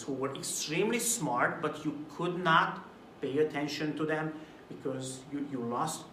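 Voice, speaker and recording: A man from Hungary giving a recorded video talk to camera about presentation delivery, lively and at times acting out a dull, mumbled way of speaking as a contrast. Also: mid-range voice, echoey room, far from the mic, slight background noise. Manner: animated, demonstrates flat and mumbled delivery as examples. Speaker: presentation coach.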